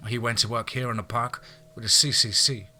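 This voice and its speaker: A man's voice: mid-range voice, steady tone, fairly quick, bright, forceful tone. A man voicing a proud, defiant young woman in an audiobook, speaking in a firm, lecturing way. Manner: firm, lecturing, slightly exasperated.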